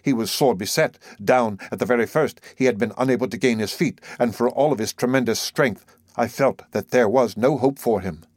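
A man reading a novel aloud as an audiobook narrator, measured and deliberate. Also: mid-range voice, a little mellow, slightly rough, dry recording, clean studio sound. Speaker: audiobook reader. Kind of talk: scripted narration.

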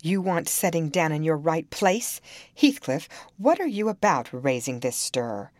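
A woman's voice: low-pitched, animated, unhurried, darkish tone, dry recording. A woman reading the lines of an imperious, jealous young lady of the house, speaking sharply and commandingly.

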